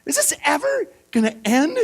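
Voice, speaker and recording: A middle-aged male pastor telling a self-mocking story in a sermon, animated and playful. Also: extremely high pitch, normal speed. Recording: mains hum.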